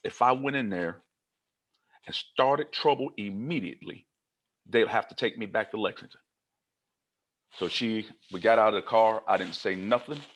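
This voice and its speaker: A man from Kentucky giving a humorous motivational keynote, telling his own story in an animated style and acting out the dialogue. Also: medium pitch. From Kentucky, United States. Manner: animated, comic, acts out dialogue.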